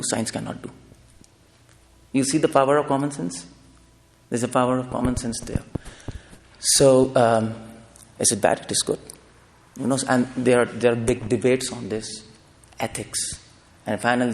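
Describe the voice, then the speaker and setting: A man's voice: medium pitch, gravelly. A man giving a public lecture. He speaks emphatically and keeps asking the audience rhetorical questions. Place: lecture hall. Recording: live talk in a reverberant hall.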